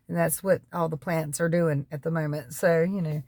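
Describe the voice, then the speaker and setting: A woman's voice: low-pitched, steady tone, normal speed, darkish tone, no room sound. A middle-aged woman from North Carolina with a Southern accent, chatting casually to her viewers, folksy and rambling off on tangents, coughing now and then from allergies. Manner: folksy, laughs between remarks. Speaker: keto diet vlogger. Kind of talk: casual chat to camera.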